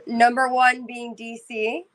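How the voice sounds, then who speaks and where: Playful woman co-host, a bit high. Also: flat delivery, slow pace, a crowd in the background, low-quality recording. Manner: playful, reads off a list. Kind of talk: casual live-stream chat.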